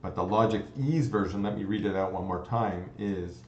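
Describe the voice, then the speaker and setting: Deep-voiced man lecturing in a roomy space. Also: steady tone, moderate pace, a little hiss or hum. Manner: explanatory, thinks aloud with frequent restarts and "okay?" checks. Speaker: computer science lecturer. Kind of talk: recorded lecture. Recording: dull, roomy lecture recording.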